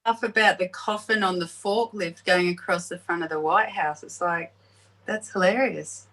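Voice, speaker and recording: A woman's voice: fairly low pitch, moderate pace, a bit bright, low-quality recording. A woman chatting casually and with amusement on a video call. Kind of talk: casual group chat.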